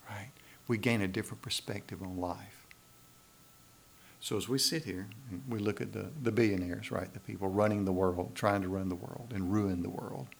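A pastor with a lowish, creaky voice builds emphasis through his sermon, regularly throwing questions out to the congregation.

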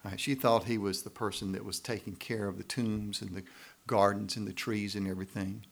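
A man preaching a sermon as pastor, lively and emphatic, often checking in with "right?" and pushing to loud emphasis. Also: on the low side, fairly quick, gravelly.

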